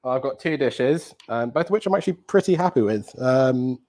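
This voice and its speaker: A man hosting a live cooking challenge, hurried and breathless, then chatty and full of ums as he explains his dishes. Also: mid-range voice, expressive, a little mellow. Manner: flustered and breathless under time pressure, then chatty explaining with many ums.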